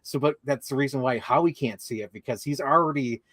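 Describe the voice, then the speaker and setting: A man's voice: mid-range voice, fairly quick, fairly bright tone, no room sound. A young man co-hosting a casual movie discussion, talking enthusiastically in long run-on lists full of "like". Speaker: co-host.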